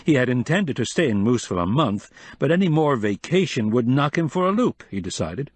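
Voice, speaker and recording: A man reading a cozy mystery novel aloud in a steady, measured storytelling manner. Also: medium pitch, husky, dry recording. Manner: steady, measured storytelling with light character voicing. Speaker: audiobook narrator. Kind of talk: scripted narration.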